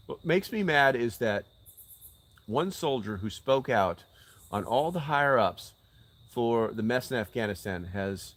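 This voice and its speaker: An older man hosts a casual livestream by an outdoor fire, answering his channel's live chat. His voice is fairly low with no room sound, and he's blunt, swears, and hammers his points home with emphatic rhetorical questions.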